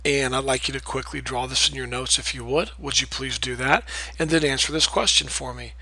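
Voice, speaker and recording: A man's voice: medium pitch, brisk, bright, forceful tone, husky, no room sound, poor audio. Patient man teaching geometry. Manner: patient, repeats key terms, checks in with "okay?". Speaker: math teacher. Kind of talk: recorded classroom lecture.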